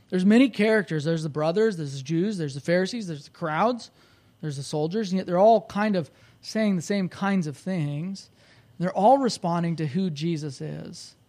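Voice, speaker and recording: High-voiced preaching man. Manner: animated, rising loud when quoting the crowd; conversational, with restarts. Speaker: pastor. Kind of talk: sermon.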